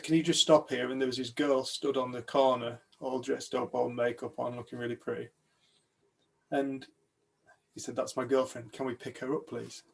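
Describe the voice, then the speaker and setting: Animated British male storyteller, gravelly voice, acts out the dialogue. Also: medium pitch. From United Kingdom. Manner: animated storyteller, acts out other people's lines. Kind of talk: telling a personal story to a group.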